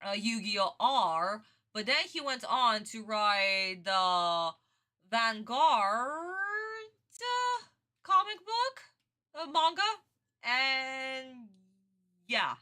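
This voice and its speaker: A woman's voice: on the high side, lively intonation, drawn-out words, long pauses, sharp tone. A woman hosting a reaction video, chatting casually, rambling and laughing often. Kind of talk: casual chat.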